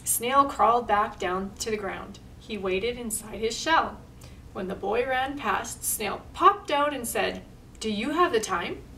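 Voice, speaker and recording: A woman's voice: a little high, slow pace, creaky, sharp tone. A woman reading a picture book aloud at a library storytime, chatty and pointing at the pictures. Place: library room. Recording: distant mic, faint room noise.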